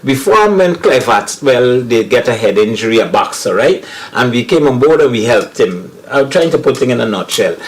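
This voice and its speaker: A man's voice: mid-range voice, rough recording. A Guyanese man, a comedian guest, talking earnestly in a casual panel chat and often restarting his sentences.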